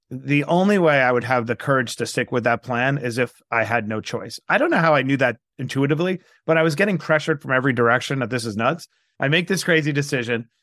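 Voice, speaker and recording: Brief: gravelly, dry-miked man in his forties from New York, animated storyteller in an interview. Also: medium pitch, no room sound. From New York, USA. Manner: animated, acts out quoted dialogue. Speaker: guest entrepreneur.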